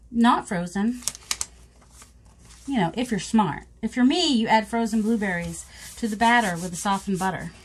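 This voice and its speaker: Woman, crafting vlog, casual rambling chat, self-mocking, middle pitch, faint hiss and clicks. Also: low-quality recording. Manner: rambling, self-mocking, talks to viewers while working. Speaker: craft vlogger.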